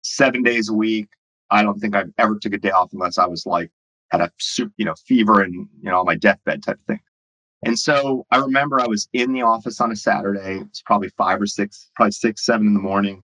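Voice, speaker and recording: Over poor audio, this entrepreneur guest talks fast in a lowish voice with a bright, forceful tone. He rambles through casual stories stuffed with fillers about running his own business.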